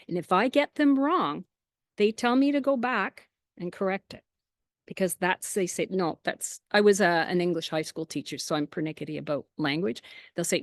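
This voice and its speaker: A woman chatting as an interview guest, telling lively anecdotes with quoted asides and frequent small laughs. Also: medium pitch, no room sound, clean studio sound. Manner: laughs often between phrases. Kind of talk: casual storytelling.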